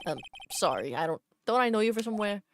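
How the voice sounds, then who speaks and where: A woman's voice: mid-range voice, sing-song, quick pace, a little hiss or hum, close to an everyday voice. A woman voicing a young male defense lawyer, hesitant and stammering. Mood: flustered.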